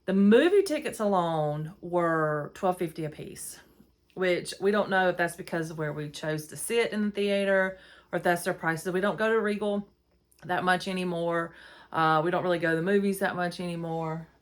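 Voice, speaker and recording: Casting: middle-aged woman, low voice, chatty and exasperated podcast storyteller. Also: normal speed. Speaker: podcast host. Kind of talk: casual storytelling monologue. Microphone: phone.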